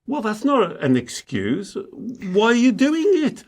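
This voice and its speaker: A man's voice: sits high, sing-song, moderate pace, fairly bright tone. A man who works as a spiritual coach, teaching emphatically in conversation and acting out exchanges with clients. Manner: emphatic, acts out client dialogues.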